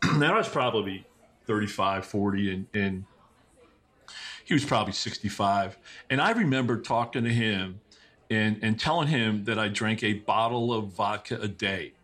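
A middle-aged man, a podcast guest, telling personal stories in a casual, animated way, with many restarts and quick asides. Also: fairly low pitch. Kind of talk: casual conversational storytelling.

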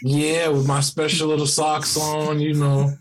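A man's voice: a little high, completely flat delivery, measured pace. A man with a Southern Florida accent, a veteran joking around in a laid-back podcast chat.

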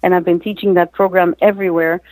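A woman, a mindset coach and author, telling her story as an interview guest, lively and acting out quotes with frequent restarts. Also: lowish voice, fast talker, dry recording, rough recording.

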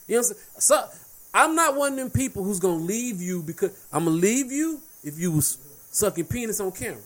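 A man's voice: high voice, animated, fairly quick, fairly bright tone, slight background noise. A man in casual chat, blunt and heated, talking in profane street slang.

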